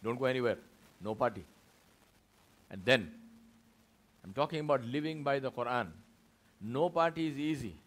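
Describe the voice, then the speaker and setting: In a Friday mosque sermon, a man from India tells a story at normal speed, his medium-pitched voice broken by frequent pauses. He voices the story's people himself, as an animated narrator.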